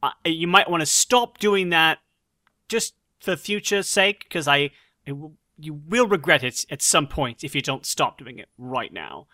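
A man's voice: a little high, lively intonation, a little slow, pushed and bright, no room sound. A man playing his character in a tabletop role-playing game, breezy and lightly sarcastic. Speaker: player voicing the Doctor. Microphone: remote recording.

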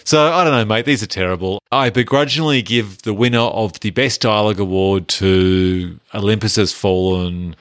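A man's voice: on the low side, normal speed, hardly any pauses, a bit bright, clear, resonant tone, dry recording, studio quality. A man co-hosting a casual movie podcast, laid-back and jokey as he hands out awards. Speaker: podcast co-host.

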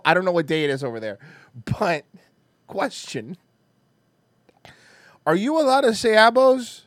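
A man hosting a stream, chatting in a rambling, animated way and swearing casually. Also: sits high, a little slow, long pauses, no echo, clean studio sound. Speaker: streamer host.

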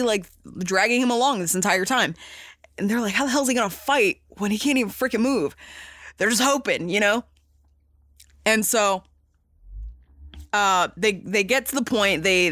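A young woman casually retelling a movie plot, chatty and excitable, swearing and acting out quotes. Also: mid-range voice, no room sound, clean studio sound.

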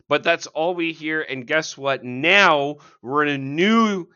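Male podcast co-host, bright lively voice, jokey and profane, dull lo-fi sound. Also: a little high, a little slow, few pauses, smooth. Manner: animated, swears freely, jokey asides. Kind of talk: casual comic-review chat.

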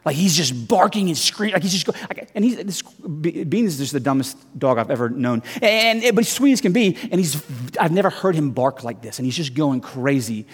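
A male guest preacher in his thirties tells a story in a sermon, lively and self-mocking, often tripping over his own restarts. His voice sits a little high for a man. The sound carries a long reverb tail from the church hall. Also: a little fast, few pauses, slightly rough.

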